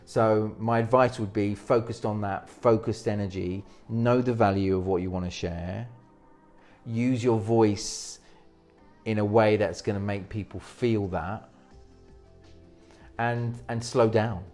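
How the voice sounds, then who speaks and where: Male presentation coach, low-pitched, energetic, restarts sentences mid-thought, faint music underneath. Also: slow. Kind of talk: interview advice.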